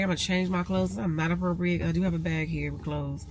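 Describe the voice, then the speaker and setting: A woman's voice: on the low side, steady tone, quick pace, a little mellow. A woman chatting casually to her viewers from her car in traffic, with a stuffy nose, calling them y'all. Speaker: vlogger and realtor. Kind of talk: casual vlog chat. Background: vehicle noise.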